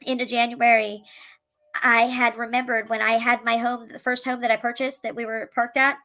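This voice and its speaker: Woman, single mother, personal storytelling, earnest, halting restarts, higher pitch, bright tone. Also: little pitch movement, low-quality recording. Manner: earnest and emotional, tumbling restarts and repeated words. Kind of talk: candid personal storytelling to camera.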